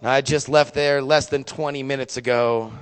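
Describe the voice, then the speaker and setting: A young man doing stand-up storytelling, profane and animated, with sudden loud bursts. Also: mid-range voice, normal speed, big-room sound. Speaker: stand-up comedian.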